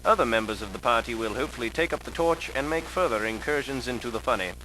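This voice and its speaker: A man's voice: mid-range voice, fast talker, sharp tone, slight background noise, low-quality recording. A man narrating a mock-serious documentary in a dry, pompous academic tone.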